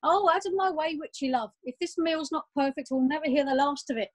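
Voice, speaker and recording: A woman voicing a fussy, bossy middle-aged mother hosting a family party, brisk and exasperated. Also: sits high, close to an everyday voice, rough recording.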